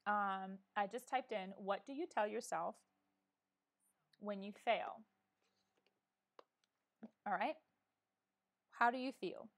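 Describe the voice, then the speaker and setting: A woman's voice: medium pitch, takes it slowly, gravelly, pauses often. A middle-aged woman hosting a casual live chat, talking earnestly and encouragingly straight to her viewers. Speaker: live-stream vlogger.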